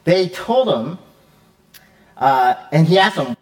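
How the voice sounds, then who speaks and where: A male pastor preaching a conversational sermon, lively and quick, with fillers and frequent "right?" check-ins. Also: a little high. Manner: quick, with fillers and self-corrections.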